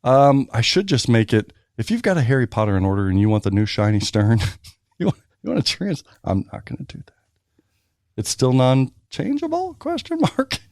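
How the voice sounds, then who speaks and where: A man co-hosting a podcast in casual chat, telling stories in a ranting, profane, animated way. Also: lowish voice, a little fast, dry recording, clean studio sound. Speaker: podcast co-host.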